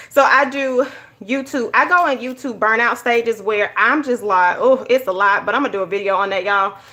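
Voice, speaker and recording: Bright-voiced woman chatting. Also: on the high side, moderate pace. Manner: animated storytelling, addresses viewers as y'all. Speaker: journaling YouTuber. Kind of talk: casual chatty vlog while journaling.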